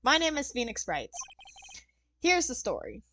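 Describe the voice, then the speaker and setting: A woman's voice: a little high, wildly swooping pitch, unhurried, bright, forceful tone, heavily acted. A woman voicing a nervous young male defense attorney, reading his game lines in her normal voice. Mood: narrating. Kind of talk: game dialogue read aloud.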